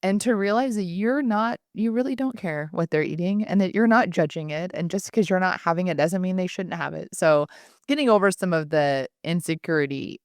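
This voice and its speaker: A woman's voice: on the low side, brisk, dry recording, studio quality. A woman in her thirties co-hosting a podcast, talking candidly and laughing often as she speaks. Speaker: podcast co-host. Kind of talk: casual podcast chat.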